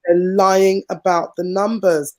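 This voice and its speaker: A man speaking slowly and emphatically in a casual group discussion. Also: high voice, little pitch movement, a little mellow.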